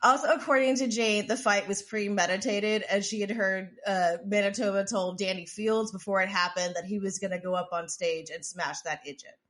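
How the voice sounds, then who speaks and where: This podcast co-host has a mid-range, fairly bright voice with a steady tone, normal speed, and few pauses. Her casual storytelling is profane and meandering, with many restarts and "like"s.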